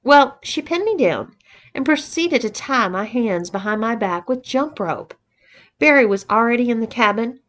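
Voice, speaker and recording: A woman's voice: a little high, lively intonation, moderate pace, fairly bright tone. A woman reading the part of a sheepish young man recounting a story, matter-of-fact.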